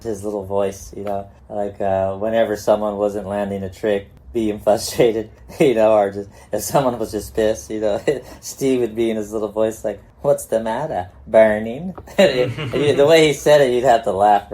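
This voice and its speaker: A man's voice: lowish voice, steady tone, moderate pace, hardly any pauses, mellow. A middle-aged man from California, a guest telling laid-back stories, swearing freely and laughing as he goes. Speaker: guest, pro skateboarder. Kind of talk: casual storytelling.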